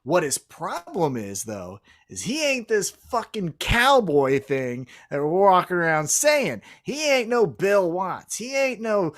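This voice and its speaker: A man co-hosting a wrestling podcast in casual chat, animated, with quick asides and some swearing. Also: high voice. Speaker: co-host.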